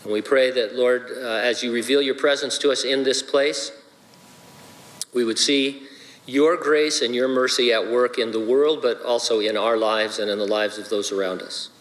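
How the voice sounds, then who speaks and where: A man's voice: mid-range voice, fairly even intonation, normal speed, fairly bright tone. Male pastor preaching in a reverberant hall. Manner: jokey, playful asides. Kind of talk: sermon. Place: church sanctuary.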